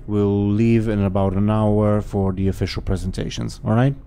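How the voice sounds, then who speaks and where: A man's voice: fairly low pitch, level tone, moderate pace, vocal fry, mellow, clear, resonant tone. A man voicing an impatient, brusque woman jailer who barks curt orders.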